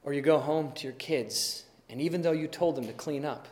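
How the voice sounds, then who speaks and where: A pastor giving a sermon in a relaxed, conversational way, acting out little everyday scenes as he goes. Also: on the high side, brisk. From Wisconsin, USA. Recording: long hall reverb.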